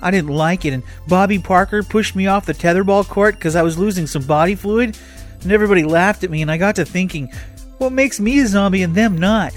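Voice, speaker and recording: A man voicing a thoughtful ten-year-old boy zombie who asks earnest questions, over faint music. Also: lightly acted. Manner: earnest, questioning, high and slow.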